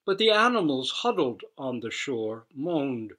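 A man who teaches Zen, telling a fable slowly and expressively. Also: medium pitch. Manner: slow, expressive storytelling. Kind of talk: storytelling talk.

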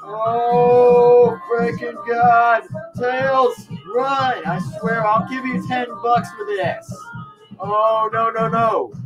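A man giving excitable gameplay commentary, laughing often and shouting his reactions at the game. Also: very high voice, slow pace. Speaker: let's play gamer. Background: game music.

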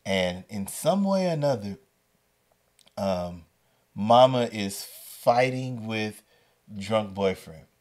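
A man hosting a storytelling podcast, telling a story with lively delivery and acting out the voices. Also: lowish voice, slow pace, pauses often. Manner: animated, acts out the voices in his story. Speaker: podcast host and educator.

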